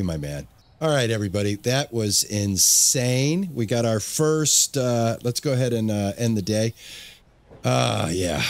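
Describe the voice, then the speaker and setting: A man's voice: fairly low pitch, lively intonation, measured pace, no room sound. A man hosting a casual let's-play, narrating his gameplay as he goes and often repeating words to himself when things get busy. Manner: talks to himself, repeats words under pressure. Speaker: gaming channel host.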